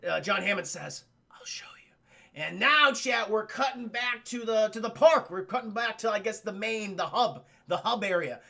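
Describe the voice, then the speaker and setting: A man streaming a casual film recap to his live chat, excitable and swearing freely as he talks straight to the viewers. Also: high-pitched, moderate pace, creaky, few pauses.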